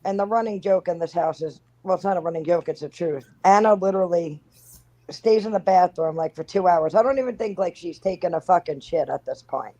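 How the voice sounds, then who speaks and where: A woman's voice: fairly low pitch, fairly quick, mellow, lo-fi sound. A woman on a casual podcast, telling an exasperated, profane family story as the mother.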